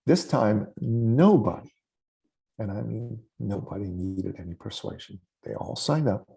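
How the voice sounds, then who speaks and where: A man's voice: fairly low pitch, unhurried, vocal fry, husky. A man in his forties, a podcast guest, telling a personal story in conversation and acting out the voices of the people in it. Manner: animated storyteller who acts out quoted voices.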